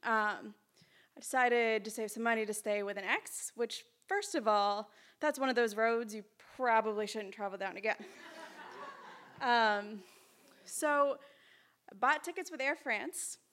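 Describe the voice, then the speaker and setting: A woman telling a personal story at a live storytelling event, chatty, lively and self-mocking, on a stage mic in a small hall. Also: a little high, measured pace.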